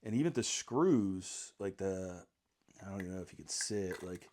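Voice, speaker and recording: A middle-aged man rambling casually through a photography gear vlog, joking at his own expense and often clearing his throat. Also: deep voice, lively intonation, moderate pace, a little mellow, a little hiss or hum. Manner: rambling, self-mocking, frequent throat clearing. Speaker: sports photographer.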